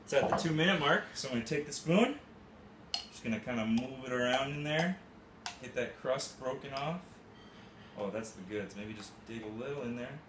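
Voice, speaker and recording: A man's voice: medium pitch, animated, moderate pace. A man casually walking through brewing coffee step by step, tossing in playful, goofy catchphrases. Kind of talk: casual how-to demonstration. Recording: roomy room with faint ambient hum.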